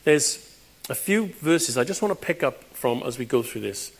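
A British man preaching a conversational sermon in a church, with sudden loud, emphatic bursts. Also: mid-range voice, lively intonation, moderate pace. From Britain.

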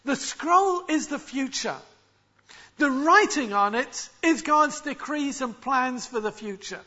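A man's voice: very high-pitched, lively intonation, takes it slowly, sharp tone, dull audio. A man preaching a sermon, explaining scripture in an emphatic way and often restarting his phrases. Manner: expository, emphatic, with frequent restarts.

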